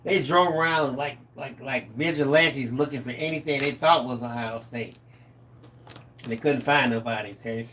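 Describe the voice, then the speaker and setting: Middle-aged guy telling stories on a live stream, animated, acts out the quotes, faint hiss behind. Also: medium pitch, normal speed. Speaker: co-host of a live craft stream. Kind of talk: casual storytelling chat.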